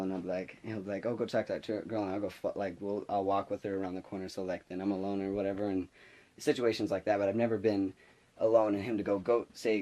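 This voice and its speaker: A young man with a slightly low voice tells a story to camera in a loose, casual way. He rambles, restarts his sentences and leans on filler words, now and then dropping to a whisper for an aside. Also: mellow. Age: young adult. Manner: drops to a whisper for quoted asides. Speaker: vlogger.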